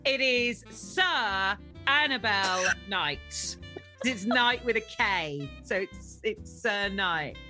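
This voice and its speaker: A woman co-hosting a podcast, joking and teasing in casual chat with loud laughter. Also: medium pitch, lively intonation, drawn-out words, music in the background. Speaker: podcast co-host.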